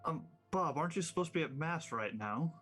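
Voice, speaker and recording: Guy gm narrating the scene, easygoing, quiet music under him. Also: a little high, expressive, brisk. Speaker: game master. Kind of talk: narrating a tabletop game.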